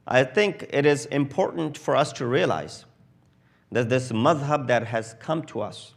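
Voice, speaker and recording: A man preaching a sermon in English with a South Asian accent, telling a story with acted quotes that swell loud at the peaks. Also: mid-range voice, measured pace, gravelly. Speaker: Shia preacher. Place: mosque hall.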